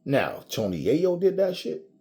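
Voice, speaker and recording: Male commentator, blunt profane rant, warm slightly high voice. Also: wildly swooping pitch, unhurried. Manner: blunt, profane, repetitive restarts. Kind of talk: casual rant to camera.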